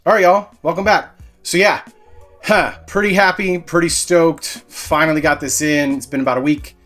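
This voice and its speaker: A man's voice: on the high side, moderate pace, faint music behind. Laid-back man unboxing cards. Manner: relaxed, rambling, with fillers and self-corrections. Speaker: card-breaking channel host. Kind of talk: casual unboxing vlog.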